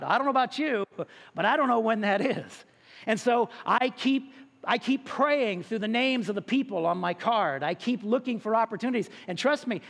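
Male pastor, mid-sermon, chatty and joking, calls out to people in the pews; high voice, long church-hall reverb. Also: creaky, fairly bright tone. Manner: conversational and joking, with frequent restarts; addresses the congregation directly.

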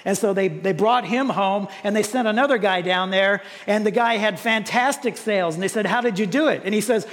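A pastor preaching a sermon in a lively, conversational way, often repeating words and asking rhetorical questions. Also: male voice, sits high, brisk, hardly any pauses. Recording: long hall reverb.

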